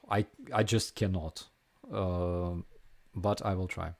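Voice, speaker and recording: A young Ukrainian-accented man hosts a relaxed live stream, answering chat questions one by one. He speaks slowly, with a fairly low voice, and often pauses with fillers and restarts his sentences. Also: vocal fry. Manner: halting, many fillers and restarts, reads chat aloud.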